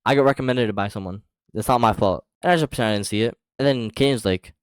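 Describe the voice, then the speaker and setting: Young man, low voice, rapid delivery, slangy profane storytelling, dry close sound. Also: clear, resonant tone, no room sound. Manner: slangy, profane, rambling with fillers. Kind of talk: casual storytime vlog.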